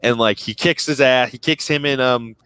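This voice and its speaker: A man's voice: mid-range voice, moderate pace, bright, forceful tone, smooth, no echo. A young man co-hosting a casual fan podcast, rambling enthusiastically and tripping over his words. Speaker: podcast co-host.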